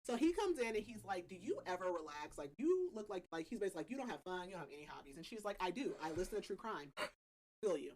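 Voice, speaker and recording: Animated woman chatting about a book. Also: on the low side, quick pace, poor audio. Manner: chatty, laughs often, heavy filler "like". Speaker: podcast host. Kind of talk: casual book-club recap chat.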